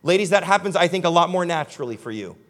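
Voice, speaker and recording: A man's voice: high voice, lively intonation, fast talker, a bit bright. A young man preaching a sermon to a live audience in a conversational, emphatic way, speaking directly to his listeners. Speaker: pastor. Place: church hall with a live audience.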